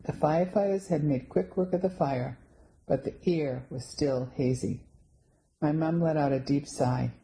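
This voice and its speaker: A woman reads a first-person story aloud in a steady, scripted manner. Her voice is low and mellow, with a calm storytelling pace. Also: a little slow, poor audio. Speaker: audiobook narrator.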